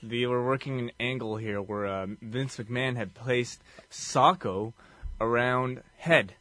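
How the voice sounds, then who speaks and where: A man's voice: mid-range voice, measured pace, fairly bright tone. A man co-hosting a podcast, chatting in a laid-back, rambling way with lots of fillers. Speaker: podcast co-host. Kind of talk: casual recap chat.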